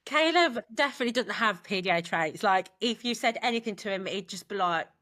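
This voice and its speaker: A woman co-hosting a podcast, chatting in a relaxed, conversational way about her children. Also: medium pitch, brisk. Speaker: podcast co-host, parent. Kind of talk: casual chat.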